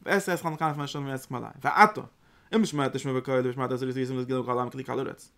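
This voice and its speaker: A man teaching an informal Torah class, lively and acting out the verses. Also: mid-range voice, very fast. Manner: animated, acts out the verse in God's voice.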